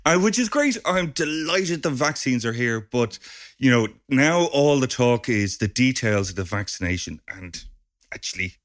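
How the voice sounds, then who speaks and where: A man's voice: medium pitch, expressive, moderate pace, a bit bright. Laid-back male podcast co-host. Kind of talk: casual podcast chat.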